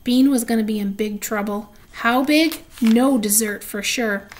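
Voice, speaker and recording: A woman reading a children's chapter book aloud, pausing to describe the pictures. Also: mid-range voice, fairly even intonation, a little mellow, rough recording. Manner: describes the pictures between passages. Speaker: reader.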